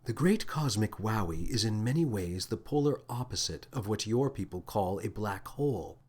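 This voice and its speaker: A man voicing a calm, formal female alien first mate who speaks in a low, measured tone. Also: slightly rough. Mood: matter-of-fact.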